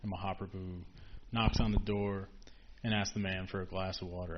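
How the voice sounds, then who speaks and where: A man's voice: deep voice, level tone, brisk. A man casually telling a story in a group discussion, chatty and full of "like" and "you know". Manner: chatty, filler-heavy with frequent "like". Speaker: forum participant. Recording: dull lo-fi with faint hiss.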